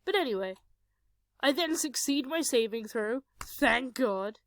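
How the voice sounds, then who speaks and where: Unhurried yet animated, a high-voiced young woman casually narrates a tabletop game session, rambling along with crude jokes at her own expense. Recorded on a cheap home microphone, it carries no room sound.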